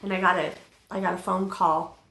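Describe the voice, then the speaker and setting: A woman's voice: fairly low pitch, flat delivery, vocal fry, pushed and bright. Earnest middle-aged woman in an echoey room. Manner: halting, with many fillers and restarts. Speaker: guest telling her testimony. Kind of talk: emotional personal testimony in a podcast interview.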